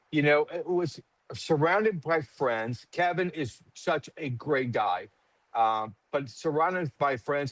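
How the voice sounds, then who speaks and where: Middle-aged guy telling stories all animated, swears a lot, acts out the quotes, dry close sound. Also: mid-range voice, no room sound, poor audio. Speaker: cigar company guest. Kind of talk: casual podcast chat.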